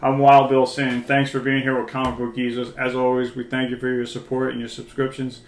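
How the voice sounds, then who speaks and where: A man's voice: medium pitch, monotone, brisk, a little hiss or hum. An older man co-hosting a casual chat, joking and playing the showman. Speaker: co-host. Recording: roomy room sound.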